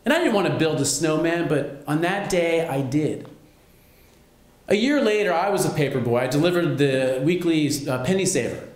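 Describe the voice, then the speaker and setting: A man telling a personal story on stage at a live storytelling show, wry and lively. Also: a little high, moderate pace, echoey room. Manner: wry, lively, self-mocking.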